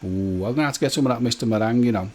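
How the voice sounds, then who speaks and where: A man hosts a casual live stream in a mid-pitched voice. He rambles in a chatty, jokey way, fills his talk with ums and restarts, and speaks straight to his viewers by name. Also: very fast, darkish tone. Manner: loose rambling talk with many fillers and restarts.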